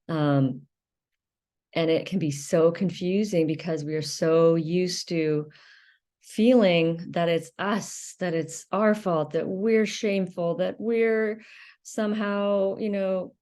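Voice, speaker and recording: A woman's voice: fairly low pitch, warm tone. A middle-aged woman hosting her own channel, talking earnestly to viewers in a personal monologue, with many fillers and restarts. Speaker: channel host.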